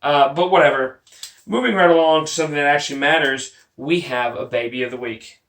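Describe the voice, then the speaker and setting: A man's voice: a little high, a little fast, a bit bright, a little hiss or hum. A man from Texas, hosting a sports podcast and ranting bluntly and profanely, mocking the people he talks about. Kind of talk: opinionated sports rant. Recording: roomy, distant home mic.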